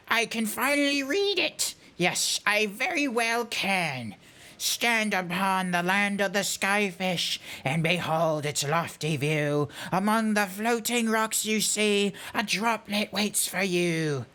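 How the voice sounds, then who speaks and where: A weary old fish-man scholar, as a man puts him on, speaking in slow, formal, drawn-out phrases. The buck-toothed delivery gives his speech a stiff, pompous sound. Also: high voice, expressive, sharp tone, full character voice. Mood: amazed. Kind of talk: voicing game dialogue on a livestream.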